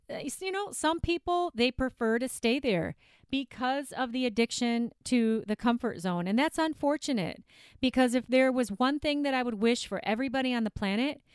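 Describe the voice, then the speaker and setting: A woman's voice: a little high, normal speed, clean tone, no echo. Woman coach doing her solo podcast, kinda chatty and pokes fun at herself, clean dry home studio mic. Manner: chatty, self-deprecating, emphatic. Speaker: podcast host and eating coach. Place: home office recording studio.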